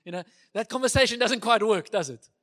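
A man's voice: high voice, brisk, a bit bright. A man giving a conversational sermon who sometimes acts out the dialogue he retells. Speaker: preacher.

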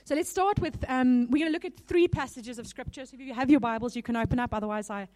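Quick and high-pitched, this woman preacher gives a conversational sermon over slight background noise. A little nervous, she adds warm laughing asides between points.

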